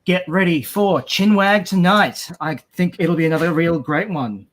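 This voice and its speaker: Australian male artist, easygoing livestream co-host, slow, mumbly delivery, slightly higher voice. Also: a bit bright. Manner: slow, mumbling, trailing off while drawing. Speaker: comic artist drawing live on stream. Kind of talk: casual livestream chat while drawing.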